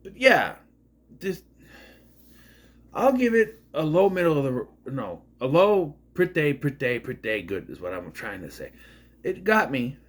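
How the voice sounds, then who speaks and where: Rambling man with lively pitch. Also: unhurried. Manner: rambling, retells scenes acting out quotes. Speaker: movie reviewer. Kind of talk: casual spoken movie review.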